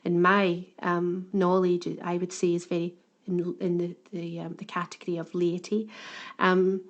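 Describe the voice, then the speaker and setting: A woman's voice: lowish voice, monotone, unhurried, highs cut off. A woman co-hosting a podcast, speaking earnestly and thoughtfully in casual chat, often restarting her words. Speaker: podcast co-host.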